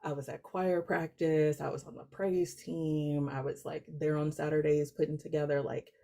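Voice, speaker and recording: Middle-aged woman, low voice, gravelly, reflective, soft-spoken, casual chat. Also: flat delivery, normal speed. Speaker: guest. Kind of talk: casual live-stream chat.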